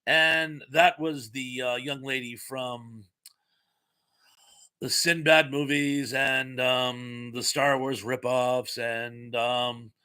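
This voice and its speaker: A man's voice: mid-range voice, fairly even intonation, slow pace, pushed and bright, clear, resonant tone. A man hosting a live stream, casually chatting and reading viewer comments aloud, rambling with fillers and laughter.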